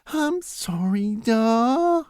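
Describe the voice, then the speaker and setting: A man voicing a hulking, childish cannibal son in a high, whiny voice. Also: expressive, drawn-out words, darkish tone, clear, resonant tone, no room sound, studio quality, full character voice.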